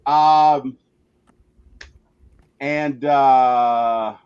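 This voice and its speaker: A man's voice: medium pitch, fairly even intonation, drawn-out words, smooth. A man hosting a casual sports chat on a live stream, teasing his friends and steering the talk. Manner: playful, teasing, leads the talk. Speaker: host. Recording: dull, lo-fi mic.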